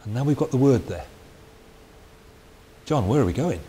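A man's voice: mid-range voice, animated, moderate pace, warm tone, husky. Man giving a chatty Bible talk. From Wales. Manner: conversational, chatty asides and restarts. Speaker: preacher. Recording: faint hiss.

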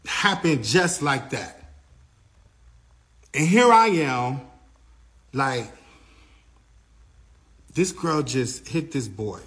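A man recounting events as an eyewitness, telling the story in an animated first-person way and acting out what other people said. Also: a little high. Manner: acts out other people's lines, grows louder and faster as the story heats up.

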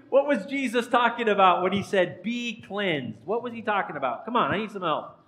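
A man's voice: high-pitched, animated, a little fast, fairly bright tone, poor audio. A man, a pastor, giving an interactive sermon in a church and quizzing the congregation by name in a playful way. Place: church sanctuary.

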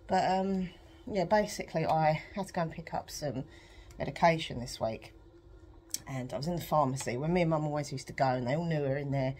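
A woman's voice: low-pitched, brisk, darkish tone, slight background noise. A woman chatting candidly to camera at home while pedalling an exercise bike, rambling and emotional with frequent laughs. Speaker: vlogger. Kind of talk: rambling personal chat to camera.

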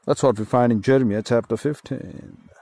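A man's voice: mid-range voice, gravelly, mellow, no echo. Indian-accented man preaching, dry sound. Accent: Indian English. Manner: slow emphatic preaching with repeated phrases. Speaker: pastor. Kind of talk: sermon.

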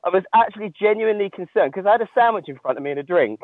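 Here the same trail-running man talks very fast, his high voice full of lively intonation as he laughs at himself over a casual phone call from outdoors on a long-distance trail. The recording is a dry, tinny phone line.

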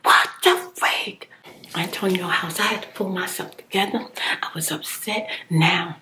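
A woman whispering a personal story in soft-spoken ASMR style while chewing gum, candid and heated. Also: on the low side, fairly even intonation, normal speed, a little hiss or hum.

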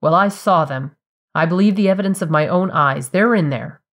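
A woman voicing a stubborn, gruff elderly grandfather in an audio story. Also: high-pitched, normal speed, a bit bright. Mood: insistent. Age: older. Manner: stubborn, insistent.

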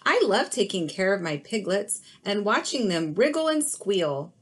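A woman's voice: mid-range voice, sing-song, a little slow, slightly rough. A woman voicing a fond, doting mother pig in a children's picture book.

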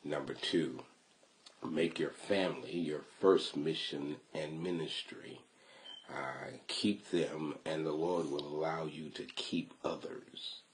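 Very deep-voiced man blessing his son. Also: fairly even intonation, slight background noise. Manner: measured, reverent, quotes scripture. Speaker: father giving a blessing. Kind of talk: preacher-like spoken blessing.

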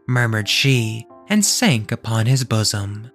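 A man storytelling on his own podcast, voice rising and falling with lots of movement in his pitch. His reading is expressive, and soft music plays faintly behind him. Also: unhurried, few pauses. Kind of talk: reading a classic tale aloud.

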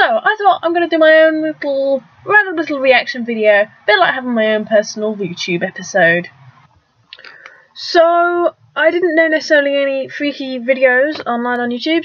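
High-voiced woman reacting incredulously. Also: fairly bright tone, no echo. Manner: incredulous, exclaiming, stammering restarts. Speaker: reaction vlogger. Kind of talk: reaction video commentary. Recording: dull lo-fi sound with faint music.

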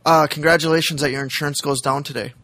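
A man's voice: on the high side, steady tone, quick pace, fairly bright tone, no echo. A man co-hosting a podcast who breaks in with crude wisecracks and banter. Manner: wisecracking interjections. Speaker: podcast co-host.

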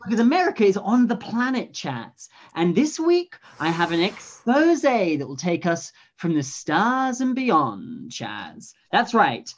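A man's voice: sits high, big pitch swings, a little slow, few pauses, lo-fi sound. A man co-hosting a spoof news show, with a stammering, flustered, bumbling delivery. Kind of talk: comic news presenting.

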